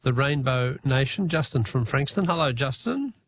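A man's voice: medium pitch, sing-song, normal speed, a bit bright, husky. An Australian man hosting a radio phone-in quiz, chatty and upbeat with the callers.

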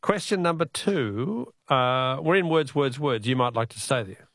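A man's voice: mid-range voice, lively intonation, unhurried, fairly bright tone, no room sound. Male radio host, casual, reads texts and quizzes callers; dry studio sound. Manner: chatty, reads out listener texts. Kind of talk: late-night radio call-in quiz. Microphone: studio mic.

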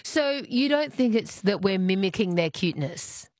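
An Australian woman hosting an evening radio interview, asking questions in a lively, expressive way. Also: mid-range voice, moderate pace, no room sound, clean studio sound. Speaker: radio host. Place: radio studio.

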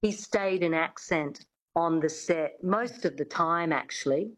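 A woman's voice: on the low side, unhurried, low-quality recording. A woman, a coach talking in an interview, chatty and full of restarts. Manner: chatty, many restarts and "I mean". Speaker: accent coach. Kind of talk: radio interview guest.

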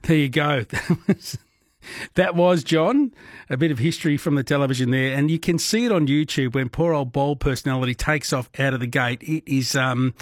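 A middle-aged man with an Australian accent hosting a late-night radio quiz from a studio, chatty and relaxed, with frequent fillers. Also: medium pitch, no room sound. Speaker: radio host. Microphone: studio microphone.

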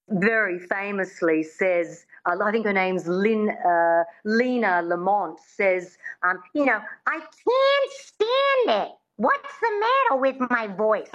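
A woman accent coach being interviewed on radio, explaining things in a measured way with some fillers. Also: lowish voice, muffled recording.

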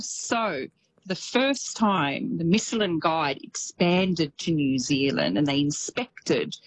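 Husky-voiced Australian woman, chatty correspondent. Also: low-pitched, expressive, slow, low-quality recording. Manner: chatty, enthusiastic. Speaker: radio correspondent. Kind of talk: casual radio chat.

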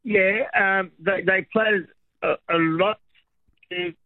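Hesitant caller on a tinny phone line. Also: male voice, high voice, steady tone, dry recording. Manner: hesitant, halting speech. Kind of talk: phone-in quiz answer and chat.

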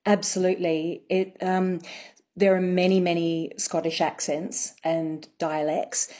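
A woman accent coach, a radio interview guest, explaining thoughtfully with frequent pauses and ums. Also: fairly low pitch, little pitch movement, dark tone.

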